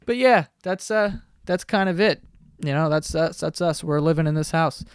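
Rambling and casually swearing, a man in his 20s hosts his solo podcast from a basement bedroom, tossing in self-deprecating jokes. He speaks at a moderate pace in a voice on the high side that is clear and resonant. His podcast microphone yields a dry recording of studio quality.

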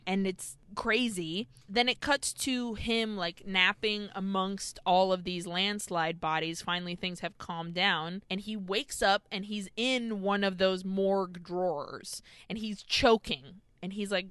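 Podcast co-host, woman, bright tone, dry close mic, lively profane plot recap. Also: mid-range voice, a little slow, hardly any pauses, clean tone, no room sound. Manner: animated storytelling, acts out characters, frequent swearing. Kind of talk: casual film recap chat.

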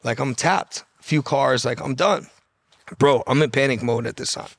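Profane, fast-talking male storyteller. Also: medium pitch, dry recording, studio quality. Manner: profane, fast-talking anecdote with quoted dialogue. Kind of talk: casual storytelling.

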